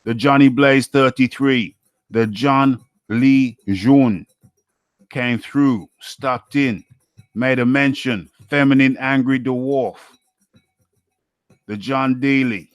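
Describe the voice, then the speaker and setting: A man from the UK hosts a casual live boxing talk stream and reads out viewer names in a relaxed way. His voice is smooth and resonant at a middle pitch. The sound is close and dry. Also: slow, no room sound.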